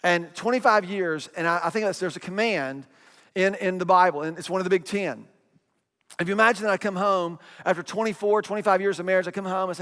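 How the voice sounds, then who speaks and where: A man's voice: sits high, fast, a bit bright. Middle-aged man preaching in a hall. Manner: conversational preaching with repeated phrases and acted quotes. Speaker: pastor. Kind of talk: sermon.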